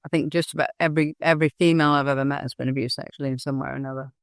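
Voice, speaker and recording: A middle-aged woman guest talks candidly in an interview. She tells her stories with animated energy, often restarting her sentences. The sound is close and dry. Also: a bass voice, very fast, no room sound. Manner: earnest, animated storytelling with frequent restarts. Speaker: guest, hypnosis and NLP trainer.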